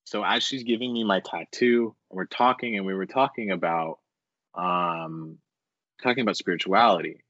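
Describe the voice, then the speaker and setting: A young man talking as a podcast guest, telling a rambling, animated story full of swearing and filler words. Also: low-pitched, normal speed, no echo. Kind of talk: casual storytelling interview. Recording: dull, dry lo-fi recording.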